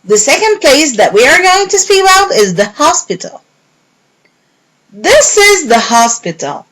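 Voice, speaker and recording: A woman teacher giving a recorded English lesson to young pupils, repeating words slowly and clearly. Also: sits high, sing-song, fairly bright tone, poor audio. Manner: slow, clear, repeating words and clapping syllables.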